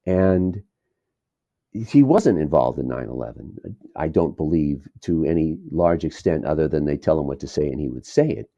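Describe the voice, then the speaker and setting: A man's voice: a bass voice, animated, normal speed, creaky, mellow, no echo. A man being interviewed as a documentary filmmaker, talking in a rambling, digressive way and chuckling between thoughts. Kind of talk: casual interview talk. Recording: dull lo-fi dry sound.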